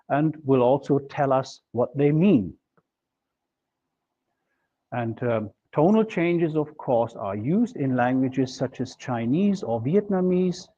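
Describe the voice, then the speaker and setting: A man's voice: medium pitch, mellow. Man lecturing, muffled recording. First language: German. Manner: methodical, explaining with worked examples. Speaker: linguistics lecturer. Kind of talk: university lecture.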